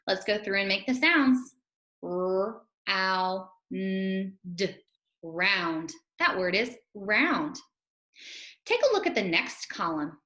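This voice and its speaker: A woman teacher giving a phonics lesson to young children, speaking slowly and encouragingly and sounding out letters one by one. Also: medium pitch, sing-song, sharp tone. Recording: roomy echo.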